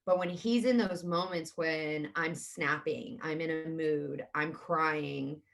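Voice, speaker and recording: A woman in her thirties, a guest in an interview, speaking openly and earnestly about her feelings. Her voice sits a little low for a woman. She talks in a candid, conversational way. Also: fairly even intonation, slow pace, creaky.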